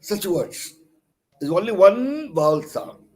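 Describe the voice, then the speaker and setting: A man with an Indian English accent giving a recorded English lesson, spelling words out letter by letter and pausing often with "uh" and self-corrections. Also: high voice, very animated, darkish tone, rough recording. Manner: frequent pauses with "uh" and self-corrections. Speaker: counsellor teaching English. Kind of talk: recorded lecture.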